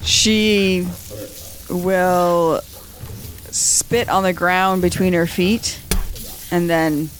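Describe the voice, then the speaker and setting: A player in a tabletop game, describing actions in a halting, hesitant way. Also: medium pitch, flat delivery, a little hiss or hum. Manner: hesitant, halting, repeats words.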